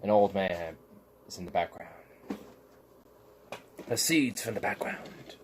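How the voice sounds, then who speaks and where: A man with a somewhat low voice rants casually, rambling from point to point. He swears freely and fills every pause with "like". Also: slight background noise. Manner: profane, rambling, heavy use of filler "like". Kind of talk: casual rant.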